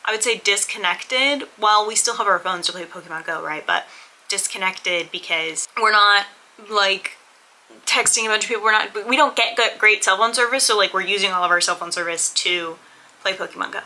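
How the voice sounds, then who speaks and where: Woman vlogger, very bright tone, candid and rambling, casual chat to camera. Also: mid-range voice, moderate pace, rough recording. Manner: candid, rambling, self-deprecating.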